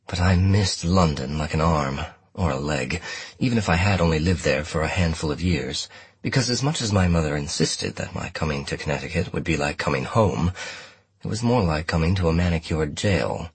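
A man reading a first-person novel aloud in a wry, measured manner. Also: very deep voice, expressive, breathy edge, no echo. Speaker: audiobook narrator. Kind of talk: scripted first-person narration.

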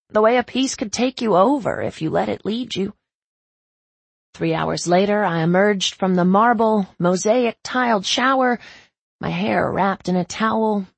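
A woman's voice: lowish voice, vocal fry, slightly rough, no echo. A woman giving intimate, emotional first-person audiobook narration.

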